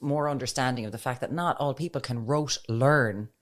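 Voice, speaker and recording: A woman's voice: very deep voice, moderate pace, a little hiss or hum. An Irish woman in her thirties, co-hosting a podcast in casual chat with a wry, joking manner. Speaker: podcast co-host.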